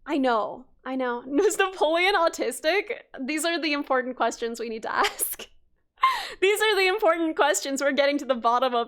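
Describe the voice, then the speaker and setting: A young woman livestreams and chats casually with her viewers in a high, fairly bright voice with big pitch swings at a moderate pace. She rambles, restarts sentences, uses lots of fillers, and laughs often.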